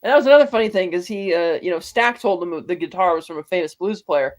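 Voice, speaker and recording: A man co-hosting a casual movie review show, retelling scenes and acting out lines in quick voices. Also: high-pitched. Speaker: podcast co-host.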